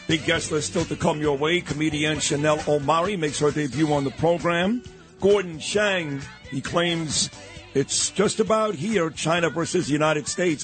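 A man hosting a talk radio show, brash, fast and emphatic. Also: on the high side, a bit bright. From New York. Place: radio studio.

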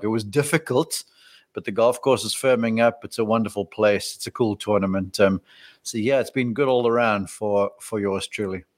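A man co-hosting a golf podcast, talking in a relaxed, rambling way with many fillers and restarts as he breaks down the round. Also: on the low side. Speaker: golf analyst, podcast co-host. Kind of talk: casual golf analysis chat.

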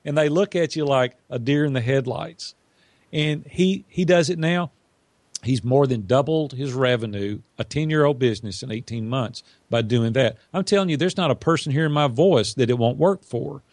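A man's voice: medium pitch, normal speed, a little mellow, dry recording. Emphatic male business coach, dry sound. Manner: emphatic, persuasive, acts out quoted dialogue. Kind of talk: casual interview storytelling.

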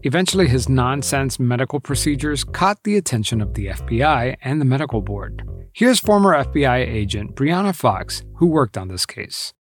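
Man, documentary host, wry narration, lively pitch, faint music behind. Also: normal speed. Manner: wry, incredulous.

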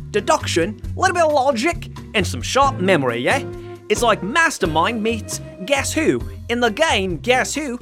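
A man putting on a comic Australian accent to pitch a board game as an over-the-top Australian salesman who keeps asking "yeah?". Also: fairly bright tone. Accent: put-on Australian. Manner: sing-song, drawn-out, keeps adding "yeah?".

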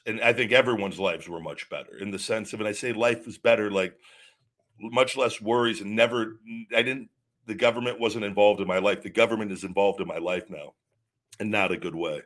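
A man's voice: lowish voice, fairly bright tone. A man hosting a podcast, ranting heatedly with lots of swearing and stumbling restarts. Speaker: podcast host. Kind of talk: livestream rant.

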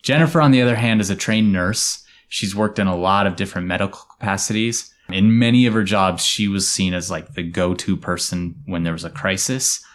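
A man hosting a podcast, telling a story to his co-hosts in a relaxed, explanatory way that often drops to quiet asides. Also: low-pitched, fairly quick, hardly any pauses. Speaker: storyteller host.

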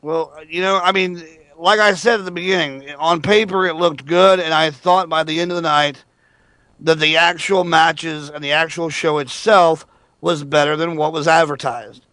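A man's voice: fairly high pitch, fairly even intonation, moderate pace, sharp tone, dry recording. A man hosting a call-in radio show, joking and opinionated. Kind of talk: casual call-in radio talk.

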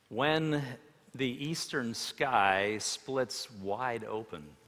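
A man delivers a sermon with a very lively, animated pitch that swings between loud emphasis and near-hushed delivery. His stories carry acted-out quotes. The voice rings with the long reverb of a large hall. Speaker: preacher.

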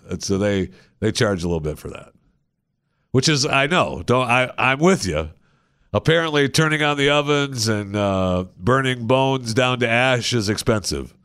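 A man's voice: mid-range voice, dry recording, clean studio sound. Man telling jokey stories on a talk show. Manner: animated storyteller acting out scenes. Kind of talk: comedic talk-show banter.

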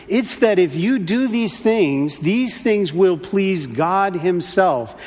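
High-voiced man preaching in a reverberant hall. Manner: earnest storytelling, repeats words, rising exasperation. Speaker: pastor. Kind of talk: sermon with personal story.

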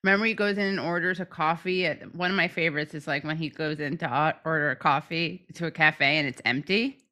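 A woman co-hosting a podcast, chatting casually and retelling scenes in an animated way. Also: sits low, fairly quick. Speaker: podcast co-host. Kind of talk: casual chat.

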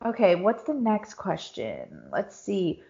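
A woman co-hosting a podcast in casual chat, talkative and quick to laugh. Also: mid-range voice, huge pitch swings, vocal fry, mellow. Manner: chatty, laughs easily. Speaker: podcast co-host. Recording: dull lo-fi recording.

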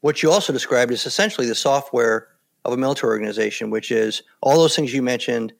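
Older male interview guest, gravelly tone, calm and plain-spoken, a steady storyteller. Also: medium pitch, fast. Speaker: guest, former Navy SEAL. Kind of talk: casual interview talk.

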